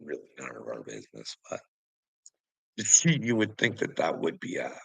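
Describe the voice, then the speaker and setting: A man's voice: low voice, sing-song, moderate pace, creaky, husky, dry recording, poor audio. A man ranting in a casual vlog. He swears a lot, mocks people, and laughs between his lines. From Canada. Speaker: vlogger. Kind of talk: casual rant.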